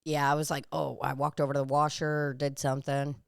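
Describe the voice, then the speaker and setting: Podcast co-host, young woman, lowish voice, loose rambling storyteller. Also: flat delivery, a little fast, gravelly, clean tone, dry recording, clean studio sound. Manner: rambling storyteller, swears freely. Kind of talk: casual chat.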